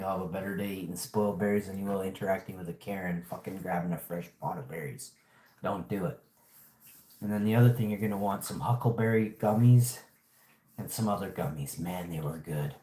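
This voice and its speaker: In an echoey room, a man with a lowish voice hosts a casual vlog. He rambles through animated, profane stories, swearing throughout.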